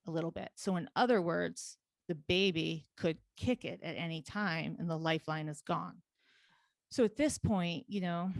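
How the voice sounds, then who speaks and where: Dry, lively woman guest storyteller. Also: on the low side, no room sound. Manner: animated, rapid, laughing storyteller. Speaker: podcast guest. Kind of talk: casual interview storytelling.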